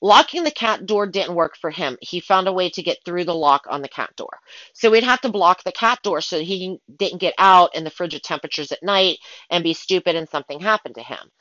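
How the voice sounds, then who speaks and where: A woman telling stories from her work as a pet sitter in a casual, animated way, acting out her own panicked thoughts. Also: lowish voice, fairly quick, no room sound, highs cut off. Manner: animated, dramatic retelling with excited asides. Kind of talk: casual storytelling.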